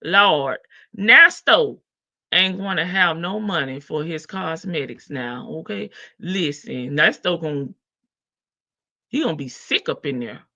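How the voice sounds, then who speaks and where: The dull, lo-fi audio of this casual livestream carries a woman's low-pitched voice with lively intonation, delivered at a measured pace in a bright, forceful tone with no room sound. She has a Southern US accent and spends the stream gossiping, laughing and teasing her chat.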